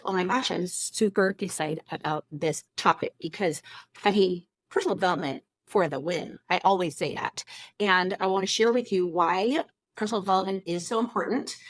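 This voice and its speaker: A woman's voice: mid-range voice, normal speed, no echo. Gushing, upbeat woman podcast host. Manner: gushing, effusive, lots of "oh my gosh". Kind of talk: upbeat motivational podcast talk.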